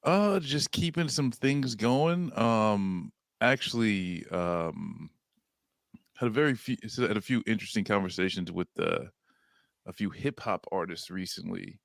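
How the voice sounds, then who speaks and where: A man co-hosting a podcast, talking casually and unhurriedly with plenty of fillers. His voice is low and sits dry and close to the mic. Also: unhurried, vocal fry, no echo. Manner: relaxed, filler-heavy, laid-back. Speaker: podcast co-host.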